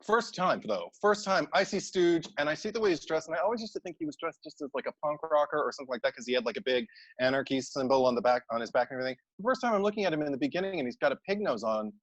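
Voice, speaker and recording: A man's voice: fairly high pitch, lively intonation, racing, no echo, lo-fi sound. A man co-hosting a casual movie podcast, easily amused and rambling with many laughs. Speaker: podcast co-host.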